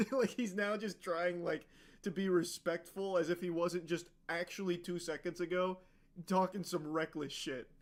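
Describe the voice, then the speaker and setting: A man's voice: high-pitched, fairly even intonation, moderate pace, slight background noise. A man giving casual, sarcastic and profane commentary on a video, with plenty of filler words. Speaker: reaction commentator.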